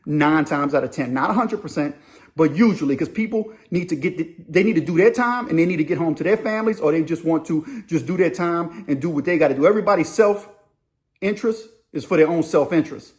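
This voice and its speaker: A man telling a story in a loose, animated way, sometimes acting out other people's voices. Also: fairly high pitch, a little fast. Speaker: storyteller host. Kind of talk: casual spoken storytelling.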